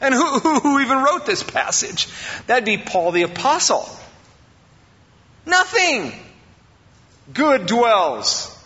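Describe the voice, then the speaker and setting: High-voiced, bright male preacher in a hall. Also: sing-song, moderate pace. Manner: preaching with sudden rises in pitch, acting out quoted excuses. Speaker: pastor. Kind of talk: sermon. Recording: dull sound with long hall reverb.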